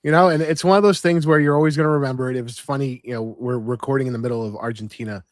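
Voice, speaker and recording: A man's voice: mid-range voice, fairly even intonation, racing, dry recording, clean studio sound. A man co-hosting a podcast, telling stories in a rambling, chatty way with lots of fillers and restarts. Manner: chatty storyteller, lots of "you know" and restarts. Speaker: podcast co-host. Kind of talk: casual chat.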